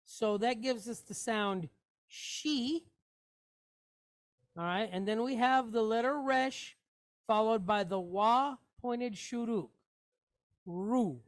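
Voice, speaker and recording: A woman leads a Hebrew reading class at an unhurried, very slow pace. She sounds out every letter and vowel patiently. She repeats each syllable before joining them into a word. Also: on the high side. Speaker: Hebrew teacher. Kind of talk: reading lesson, sounding out words.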